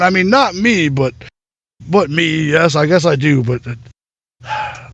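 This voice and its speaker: A man's voice: on the high side, animated, slow, long pauses, a bit bright, no echo. A man narrating as game master in a loose, rambling way.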